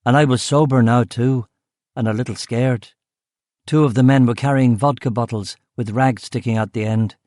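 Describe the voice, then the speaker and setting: Man, audiobook narration, first-person, measured, low-key, dry close mic. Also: steady tone, darkish tone, no room sound.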